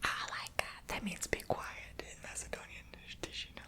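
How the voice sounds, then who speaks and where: A man whispering in ASMR style, softly repeating foreign words over and over, with self-deprecating chatty asides. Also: moderate pace, hardly any pauses. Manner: repeats each foreign word softly many times. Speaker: ASMR creator.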